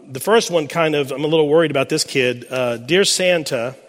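A man's voice: fairly high pitch, fast talker, big-room sound. A man with a Texan accent preaching a sermon as pastor, folksy and joking as he reads children's letters to his congregation. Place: large church sanctuary.

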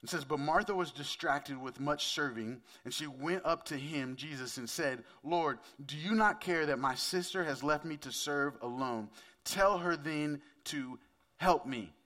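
This pastor's voice runs on the high side, pushed and bright, and his delivery is a little slow. He preaches in a relaxed, chatty way, regularly turning questions toward his listeners.

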